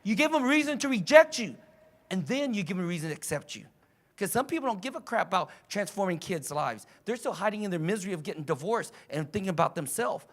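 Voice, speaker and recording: Male seminar coach, high and hugely animated voice, yells and cusses to wake people up. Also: fast talker. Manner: fiery, shouting and cursing to rouse the audience. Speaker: coach and trainer. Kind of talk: motivational seminar talk. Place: live seminar in front of an audience.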